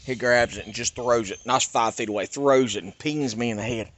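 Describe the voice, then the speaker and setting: A middle-aged man from North Carolina, telling a personal story in an animated, emphatic rant. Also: medium pitch, a little fast. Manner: animated, emphatic, swings between loud and hushed. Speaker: YouTuber.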